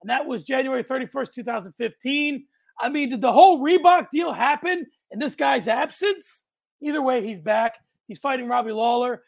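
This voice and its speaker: A man's voice: very high-pitched, lively intonation, normal speed, vocal fry, no echo. A man hosting a casual podcast chat, talking in a dry, matter-of-fact way. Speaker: podcast host.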